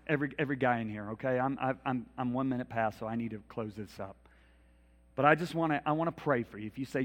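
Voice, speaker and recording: A man's voice: mid-range voice, racing. A middle-aged man preaching a sermon in a church, telling personal stories and leading a prayer. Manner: storytelling, animated, rising to loud pleas. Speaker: minister. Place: church hall.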